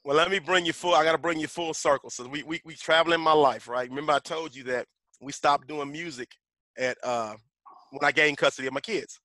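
Lively middle-aged man. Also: a little high, brisk, no room sound. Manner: bursts into rhymed rap verses mid-talk. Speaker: podcast guest, rapper and voiceover artist. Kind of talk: animated conversational storytelling.

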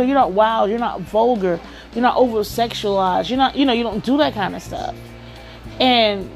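With a medium-pitched voice marked by vocal fry, a woman hosts a podcast and gives advice in a relaxed monologue. Her style is chatty and story-driven, sprinkled with frequent "you know"s.

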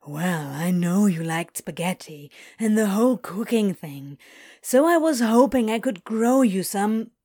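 A woman voicing an awkward, sulky male demon who drawls and mumbles slowly. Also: medium pitch, lively intonation, warm tone, no echo, clean studio sound. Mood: sheepish.

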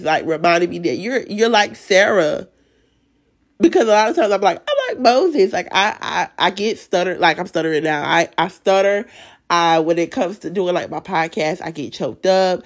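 A woman with a raspy, sinus-strained voice giving an emotional, earnest faith talk as a Bible study leader, stuttering and restarting as she goes. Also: fairly low pitch, normal speed. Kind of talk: casual devotional talk.

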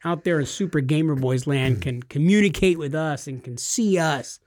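A man's voice: on the high side, normal speed, darkish tone, no room sound. A man co-hosting a casual gaming podcast, teasing his partner and cheering him on with playful enthusiasm. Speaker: podcast co-host.

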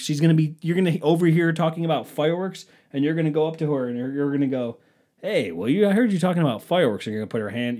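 A man's voice: mid-range voice, warm tone. A young man hosting a casual comedic rant, sarcastic and profane, slipping into mocking impressions of people.

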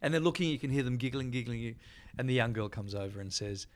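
A middle-aged Australian man, a TV host guesting on a podcast, telling lively anecdotes and acting out the people in them. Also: medium pitch, fast talker. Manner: lively storyteller, acts out quotes.

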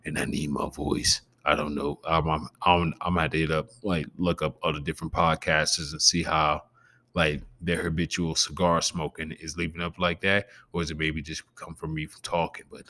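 Man, extremely low voice, gravelly growl, casual podcast host, rambling, swears a lot. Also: level tone, moderate pace, a bit bright. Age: adult with a preteen nephew. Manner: loose and profane, rambling. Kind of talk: casual solo podcast chat.

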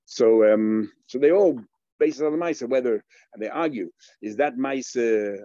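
A man teaching a Talmud page, working it through aloud with questions and many restarts, his speech full of Hebrew and Aramaic words. His voice sits at an ordinary pitch. The recording is dry and a little muffled. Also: normal speed, mellow, no room sound. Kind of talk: Talmud lesson.

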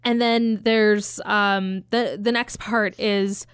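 A woman's voice: mid-range voice, fairly even intonation, takes it slowly, smooth, no room sound, studio quality. A woman casually retelling a film scene, rambling and swearing as she acts out the characters. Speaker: podcast co-host.

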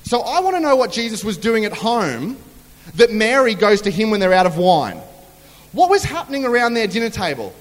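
A man's voice: high-pitched, big pitch swings, a little fast. A man preaching a humorous sermon in a chatty storytelling way, acting out quotes. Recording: long hall reverb.

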